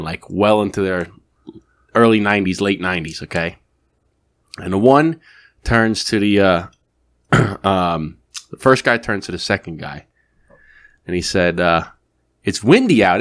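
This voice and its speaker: Man, podcast host, low voice, easygoing, rambling, casual chat. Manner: easygoing, rambling, many fillers and restarts when telling jokes.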